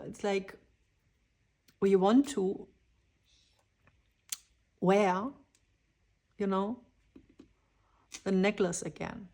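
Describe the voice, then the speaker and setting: A woman giving a dreamy, spontaneous channeled tarot reading, drifting into whispers and excited exclamations. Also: mid-range voice, very slow, vocal fry, pauses often. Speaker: tarot reader.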